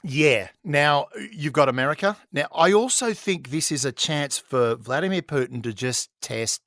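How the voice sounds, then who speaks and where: A man's voice: a little high, lively intonation, normal speed, fairly bright tone, dry recording, studio quality. A middle-aged man co-hosting a casual political podcast, joking and slipping into mock voices. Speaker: podcast co-host.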